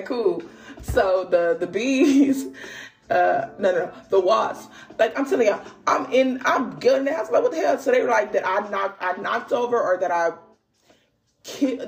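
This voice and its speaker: Young woman, podcast host, casual storytelling, slangy, laughs a lot, animated exclamations. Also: mid-range voice. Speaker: podcast host and spiritual reader. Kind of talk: casual storytelling and card reading.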